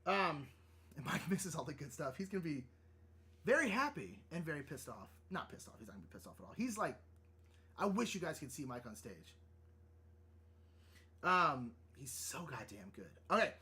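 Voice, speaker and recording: A man hosting a live drawing stream, chatting casually and rambling, easily excited and flustered. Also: a little high, moderate pace, pauses often, breathy edge. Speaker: livestream artist host. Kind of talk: casual livestream chat while drawing.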